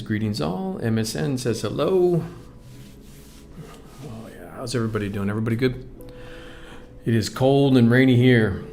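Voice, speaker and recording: A man hosting a live stream, greeting viewers and reading their comments aloud in a casual, upbeat way. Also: medium pitch. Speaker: livestream host.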